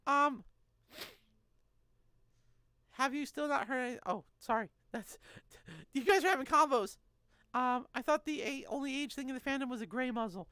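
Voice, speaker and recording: A woman's voice: sits high, pushed and bright, dry recording. A woman in her thirties streaming live, chatting casually and joking as she answers chat messages.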